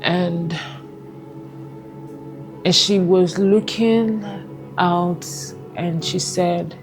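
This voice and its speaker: A Nigerian woman giving a personal testimony, speaking haltingly with emotional pauses. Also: on the low side, steady tone, over music. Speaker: testimony guest.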